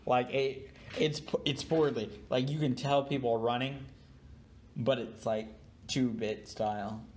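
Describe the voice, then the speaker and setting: A man's voice: mid-range voice, fairly even intonation, unhurried, a little mellow, a little hiss or hum. A young man co-hosting a podcast, sleep-deprived and yawning, telling a rambling story full of fillers and restarts in casual chat. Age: young adult. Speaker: podcast co-host.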